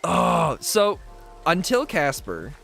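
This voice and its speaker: A man's voice: sits high, sing-song, slow, gravelly, fairly bright tone, soft background music. A man in his twenties chatting casually on a game livestream, reading out viewer messages and laughing easily as he tells stories. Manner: chatty, reads chat aloud and answers viewers. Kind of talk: casual livestream chat while playing.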